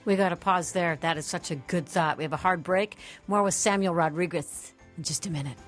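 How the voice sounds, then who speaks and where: Low-voiced female talk radio host. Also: a little fast, over music. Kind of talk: Christian talk radio interview.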